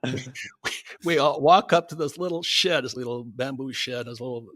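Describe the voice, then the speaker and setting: Older man telling lively war anecdotes. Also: mid-range voice, normal speed, dry recording, studio quality. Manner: lively anecdote teller, laughs at his own stories. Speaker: guest. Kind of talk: animated storytelling.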